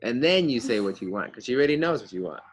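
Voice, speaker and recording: A man's voice: medium pitch, very animated, fast talker, husky. A man teaching a fifth grade class, reading a book aloud and stopping to explain words and ask the kids questions.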